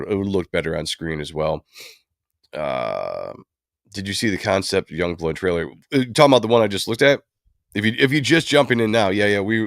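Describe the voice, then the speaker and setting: Man, very low voice, casual livestream host, rambling delivery, dry recording. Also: fairly bright tone, dry recording. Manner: rambling and chatty, with many fillers. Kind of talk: casual commentary on comic book films.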